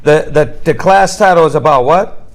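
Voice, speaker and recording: Over poor audio, a man with a slightly high voice speaks at normal speed while leading a casual Bible class. He talks informally with slang, asks the group rhetorical questions like "right?", and repeats words as he restarts.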